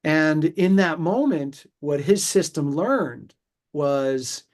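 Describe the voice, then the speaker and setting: A middle-aged man from New York, a pediatrician, explaining his views in a measured, reflective way, with pauses and restarts. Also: fairly high pitch, lively intonation. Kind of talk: conversational interview explanation.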